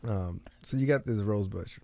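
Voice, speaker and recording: A man's voice: on the low side, normal speed, dark tone, slight background noise. A man talking earnestly in a casual conversation, telling stories and giving life lessons in a motivational way. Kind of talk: casual podcast chat.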